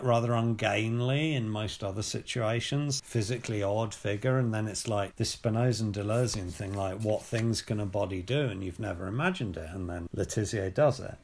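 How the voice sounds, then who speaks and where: Bloke, casual podcast co-host, eager, thinks out loud. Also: male voice, on the low side, moderate pace, vocal fry, few pauses. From England. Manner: animated, enthusiastic, academic references, swearing. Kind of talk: casual chat.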